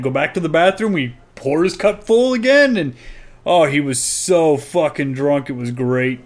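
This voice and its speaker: A man's voice: a little high, fairly quick. A man on a podcast telling a rowdy drinking story, brash and profane. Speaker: podcast co-host. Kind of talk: casual storytelling chat.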